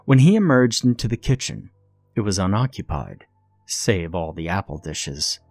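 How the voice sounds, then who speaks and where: A man reading a scripted horror story in a measured, ominous storytelling manner. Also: deep voice. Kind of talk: scripted narration. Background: faint music.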